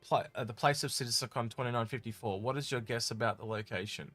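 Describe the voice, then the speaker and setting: Man, co-host, casual podcast chat, reads viewer questions, musing, trailing off, mid pitch, faint music behind. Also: fast. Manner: relaxed, trailing off, musing aloud.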